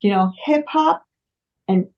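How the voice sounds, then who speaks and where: A chatty woman from the United States talks as a guest in a casual interview, circling her thoughts with fillers and restarts. Her voice sits at an ordinary pitch for a woman. The sound comes through a little dull and lo-fi. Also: lively intonation, takes it slowly, a little mellow. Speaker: singer-songwriter guest.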